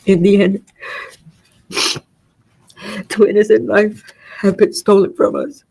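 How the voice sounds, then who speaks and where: A middle-aged woman reading a prepared victim impact statement in court. She speaks in a measured, grieving way and makes small slips as she reads. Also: mid-range voice, level tone, creaky, dark tone, husky, low-quality recording.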